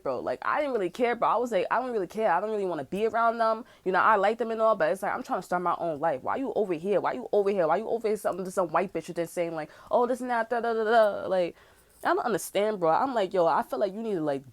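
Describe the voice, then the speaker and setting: Heated, profane woman in her twenties ranting. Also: lowish voice. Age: 20s. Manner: profane, heated, says "bro" constantly. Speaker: tarot channel host. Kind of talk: casual unscripted rant.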